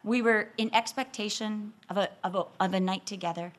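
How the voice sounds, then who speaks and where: A woman voicing her husband, a pastor, calmly and gently reasoning with her. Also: natural voice. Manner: gentle, measured, softer and lower.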